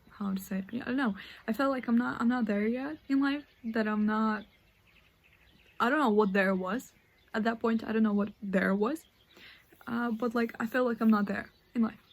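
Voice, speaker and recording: An eighteen-year-old woman vlogging casually outdoors in a forest, rambling and hesitant and sometimes dropping to a whisper. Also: mid-range voice. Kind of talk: casual chat.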